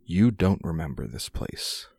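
Deep-voiced man running a tabletop game. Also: big pitch swings, a little slow, vocal fry, darkish tone, a little hiss or hum. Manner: reads room descriptions with frequent "uh" hesitations. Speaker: game master.

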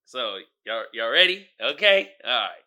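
Man, podcast host, casual rant, bright sharp tone, animated, incredulous. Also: mid-range voice, unhurried. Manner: animated, incredulous, bursts into shouting and laughter.

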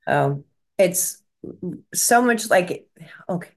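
Low-voiced woman relaying spirit messages. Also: expressive, takes it slowly. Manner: rambling, restarts often, relays messages she is shown. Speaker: psychic medium guest. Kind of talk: casual chat.

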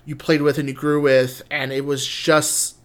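A man's voice: mid-range voice, flat delivery, moderate pace. A man co-hosting a casual podcast chat, talking enthusiastically with many restarts. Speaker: podcast co-host. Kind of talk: casual chat about video games.

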